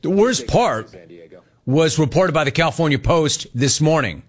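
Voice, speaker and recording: A man hosting a sports talk show, ranting in a sarcastic, mocking, animated way. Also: on the high side, normal speed. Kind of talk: comedic sports commentary rant.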